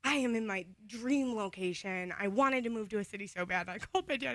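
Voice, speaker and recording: A woman's voice: fairly high pitch, brisk, few pauses, no room sound. Emotional young woman on morning radio. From Toledo, Ohio area. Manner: emotional, laughing through tears. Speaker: radio co-host. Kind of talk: casual morning radio chat. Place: radio studio. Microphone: studio microphone.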